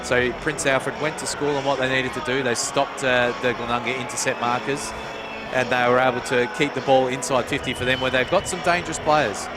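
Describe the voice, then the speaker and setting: A man's voice: medium pitch, level tone, fairly quick. An Australian man giving chatty, analytical expert commentary on a football match. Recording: loud crowd and music behind.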